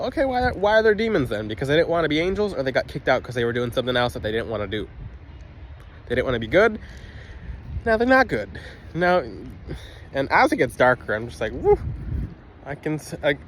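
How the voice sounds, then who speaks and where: A man's voice: mid-range voice, sing-song, quick pace, long pauses, a bit bright, slight background noise. A man casually talking to a phone camera outdoors, emphatic and rambling, with frequent restarts. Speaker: spiritual video host.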